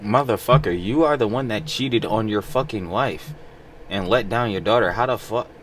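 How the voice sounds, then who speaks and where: A man's voice: lowish voice, normal speed. A man hosting a reaction video, talking back at a clip with blunt, exasperated commentary full of swearing.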